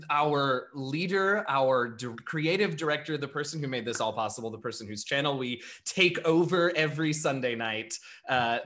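A man's voice: mid-range voice, fairly bright tone. A man hosting as storyteller and game master, introducing his players with effusive, playful thanks. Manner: effusive, grateful, playful banter. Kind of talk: warm show introduction.

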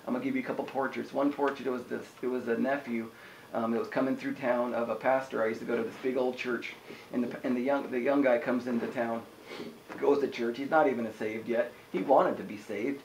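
A man preaching a sermon in an energetic, conversational way, often asking the listeners "amen?". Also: mid-range voice, fairly quick, gravelly, roomy sound, a little hiss or hum, low-quality recording. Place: house church room.

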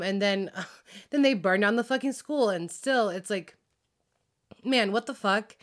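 A woman's voice: fairly high pitch, unhurried. A woman ranting about a TV drama in a casual, heated vlog, swearing constantly, full of fillers, laughing and losing track of names. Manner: heated, profane, filler-heavy venting with laughs; frazzled, loses track of names. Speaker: drama reaction vlogger.

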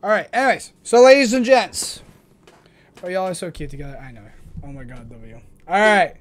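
A woman's voice: lowish voice, animated, moderate pace. Chatty young woman streaming. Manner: chatty and affectionate. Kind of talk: casual livestream chat.

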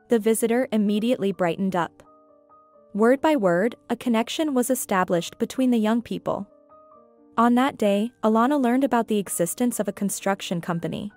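Higher-voiced woman narrating a story. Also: normal speed, darkish tone, soft background music.

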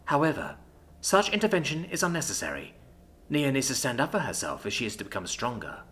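A cold, calculating alien woman weighs every word, as a male narrator plays her. Her tone is clipped and measured, a little higher than a plain male voice. This is storybook narration. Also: big pitch swings, a bit bright.

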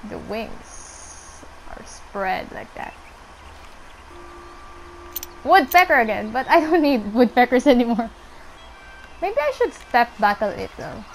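A young woman casually commenting on her gameplay, chatting to the animals on screen and squealing when excited. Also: on the high side, unhurried, creaky, slight background noise, rough recording. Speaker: gameplay streamer.

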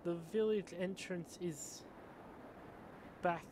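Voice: mid-range voice, takes it slowly, noisy background, lightly acted. A gamer reading out a worried young companion's lines from a fantasy game, earnest and plain. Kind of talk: reading game dialogue aloud. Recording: game music playing behind. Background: game music.

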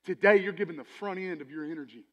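A man preaching a sermon as pastor, animated, swinging between loud emphasis and quiet asides. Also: sits high, fast talker. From Texas. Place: church sanctuary. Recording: church hall with long reverb.

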